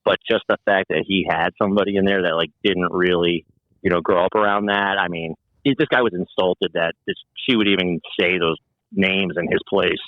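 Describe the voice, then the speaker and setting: A man from New Jersey and New York City, a guest musician telling animated stories in casual chat and swearing freely. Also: low voice, fairly quick, no echo, lo-fi sound. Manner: animated storyteller, acts out quoted voices, swears freely.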